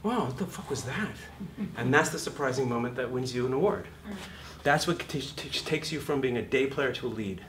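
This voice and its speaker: A middle-aged man teaching acting in a lecture, swearing freely and acting out scenes with sudden shouts. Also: mid-range voice, a little fast, distant mic, slight background noise. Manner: profane, acts out voices and shouts mid-talk. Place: lecture room. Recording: echoey room, heard from off mic.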